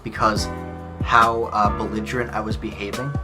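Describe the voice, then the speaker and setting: A man's voice: on the low side, level tone, moderate pace, over music. Chatty man explaining a tennis match. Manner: chatty, explains step by step, often says "like". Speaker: video host reacting to a match. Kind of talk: casual commentary.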